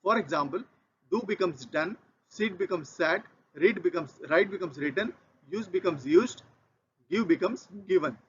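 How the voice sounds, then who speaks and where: Methodical Indian English male teacher, high voice, dull lo-fi recording, repeats rules for learners. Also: animated, normal speed, fairly bright tone, slight background noise. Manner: methodical, repeats key points. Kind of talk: grammar lesson. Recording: dull lo-fi audio.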